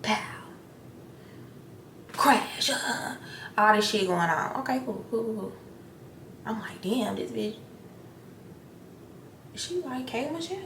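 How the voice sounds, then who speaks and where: A young woman chatting casually in a get-ready-with-me video, retelling drama bluntly and profanely, acting out quotes with lots of energy. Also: medium pitch. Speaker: beauty vlogger. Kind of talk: casual chat while getting ready. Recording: echoey room, faint ambient noise.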